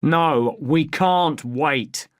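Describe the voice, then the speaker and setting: Brief: reader putting on a big angry smuggler barking orders, slow and dry. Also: mid-range voice, dry recording. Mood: urgent.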